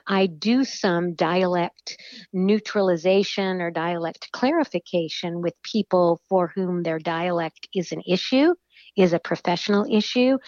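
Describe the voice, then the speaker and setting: Measured woman on lo-fi remote audio. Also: lowish voice, a little mellow, dry recording. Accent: General American. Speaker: podcast guest, voice coach. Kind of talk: casual interview talk.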